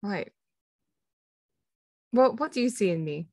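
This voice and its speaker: A woman's voice: mid-range voice, lively intonation, slow pace, mellow, no echo, studio quality. A woman player bantering playfully in character during a tabletop game. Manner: playful, giggly.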